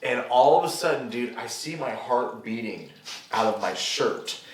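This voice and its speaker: A young man, a podcast guest, telling a story in casual chat, animated and swearing freely as he acts out what people said. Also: mid-range voice, a little slow, a little hiss or hum. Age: young adult. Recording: roomy, distant mic.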